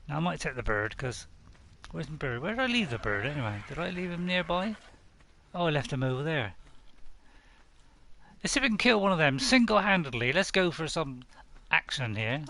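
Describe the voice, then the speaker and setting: A man's voice: a little high, sing-song, normal speed, long pauses, bright, forceful tone, slight background noise. A man chatting casually to viewers while playing a survival game live, rambling and poking fun at himself. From United Kingdom. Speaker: game streamer. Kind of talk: casual live-stream commentary.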